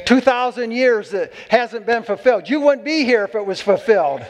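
High-voiced man preaching in a reverberant hall. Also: expressive, moderate pace. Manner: exuberant, with loud whoops. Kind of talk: sermon. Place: church hall.

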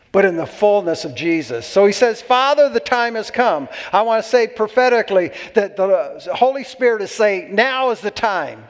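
A man preaching a sermon to a congregation, exuberant and whooping between points. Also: high-pitched. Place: church hall. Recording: long hall reverb.

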